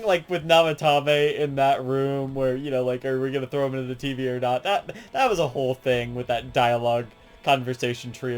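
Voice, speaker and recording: A gaming channel host rambling casually and excitedly about a favorite game, swearing a lot and laughing often, with faint music behind. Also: mid-range voice.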